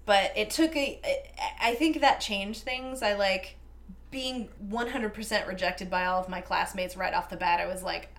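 A young woman talks through a long, meandering story, poking fun at herself and dropping an easy curse here and there. Her voice sits at an ordinary middle pitch, and she keeps it loose and conversational, like a co-host chatting across the table. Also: normal speed, fairly bright tone. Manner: rambling, self-deprecating storytelling with casual swearing. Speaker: podcast co-host. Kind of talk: casual chat.

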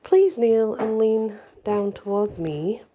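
A woman's voice: a little high, slow pace, lo-fi sound, slight background noise, pitched above the performer's own voice. Woman voicing a cold vengeful fairy. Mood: cool menace. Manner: soft, coolly menacing.

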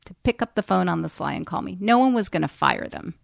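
A woman's voice: lowish voice, animated, fast talker, gravelly, no echo, clean studio sound. A woman in her forties, a radio personality, telling a story candidly in a podcast interview, chatty and peppered with ums.

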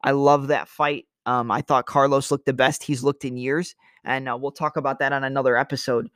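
A man's voice: medium pitch, little pitch movement, a little fast, a bit bright, smooth, no echo, clean studio sound. Chatty man breaking down fights. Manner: analytical, loose and chatty, vocalizes strikes with sound effects. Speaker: MMA analysis host. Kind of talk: casual fight breakdown monologue.

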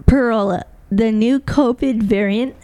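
A woman's voice: a little high, a little slow, mellow, clear, resonant tone. A woman co-hosting a podcast, teasing in casual chat and reading out a news article in earnest. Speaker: podcast co-host.

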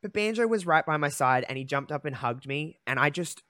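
A young man hosting a podcast, telling a personal story in a candid, emotional way, halting often with fillers. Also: a little high, animated, sharp tone, dry recording, studio quality. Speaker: podcast host.

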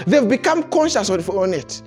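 At a church service, a male pastor preaches animatedly to a responsive congregation at normal speed, his pitch rising and falling freely as he drives each point home. He chuckles between phrases and repeats words to build momentum while soft music plays faintly behind.

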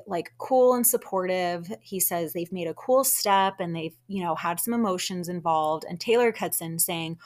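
Heated, opinionated woman podcast host. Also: lowish voice. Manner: opinionated, heated, animated, frequent asides and sighs. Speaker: podcast host recapping reality TV. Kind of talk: casual solo recap commentary.

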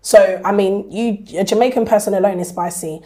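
Blunt, animated woman. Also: medium pitch, brisk. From Northern England. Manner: blunt, animated storytelling with laughs. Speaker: guest. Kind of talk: candid interview chat.

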